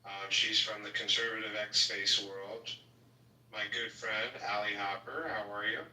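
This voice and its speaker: A man's voice: lowish voice, little pitch movement, a little slow, pushed and bright. A man hosting a casual live audio chat, lecturing emphatically. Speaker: host. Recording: echoey, distant, faint noise.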